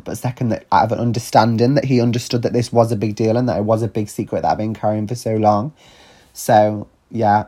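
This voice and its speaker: Lowish and mellow, this young man's voice carries a personal story told podcast-style. As host, he keeps it chatty and frank, leaning on lots of ums and likes and swearing now and then.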